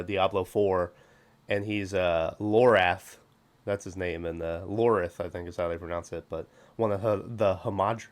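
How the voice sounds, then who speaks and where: A man hosting a casual movie review podcast, chatty and laughing often, swearing freely. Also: low voice. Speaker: podcast host.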